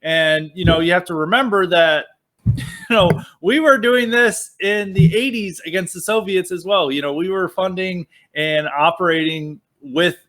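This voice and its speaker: Animated sarcastic man, fairly high voice. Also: normal speed. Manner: animated, sarcastic mockery with many fillers. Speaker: podcast guest. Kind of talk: casual political chat.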